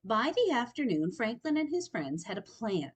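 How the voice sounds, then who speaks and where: A woman storyteller reading a picture book aloud to children, expressive and pausing to explain words. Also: a little high, breathy edge, dull audio.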